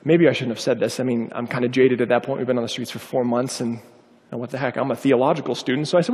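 A man's voice: medium pitch, quick pace, big-room sound. A man preaching a sermon, telling a personal story and acting out the voices of the people in it. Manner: animated, acts out quoted voices.

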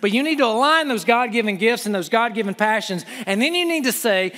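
Impassioned high-voiced man preaching in a hall. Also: animated, a little fast, pushed and bright. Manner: impassioned, pleading, conversational asides. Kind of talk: sermon.

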